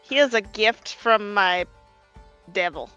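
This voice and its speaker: A woman playing in a tabletop game, giving quick, playful replies. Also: mid-range voice, sharp tone, clean tone, lo-fi sound, soft background music. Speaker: player. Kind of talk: casual tabletop role-play.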